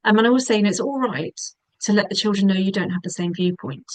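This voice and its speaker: A woman, a divorce specialist giving calm, measured webinar advice with frequent ums. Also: mid-range voice, no echo, low-quality recording.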